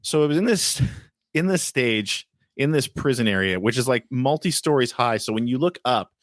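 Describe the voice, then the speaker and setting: This man's voice sits on the low side with a slight brightness, captured dry with clean studio sound. He's co-hosting a podcast, talking casually and rambling through frequent restarts and fillers.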